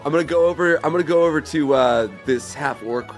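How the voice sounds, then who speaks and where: A man's voice: fairly high pitch, fairly quick, soft background music. A man playing a tabletop game in a playful, laughing manner. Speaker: player. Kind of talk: casual tabletop game play.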